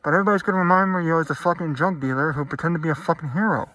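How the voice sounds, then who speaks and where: A man's voice: fairly high pitch, racing, sharp tone. A man vlogging an angry, profane rant, blunt and heated, talking straight to his viewers.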